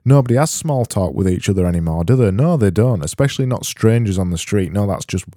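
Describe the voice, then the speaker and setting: Man, podcast host, deadpan rambling, low dark voice, dry close sound. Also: fast talker, dry recording. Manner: rambling, self-interrupting, deadpan. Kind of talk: solo comedic podcast rambling.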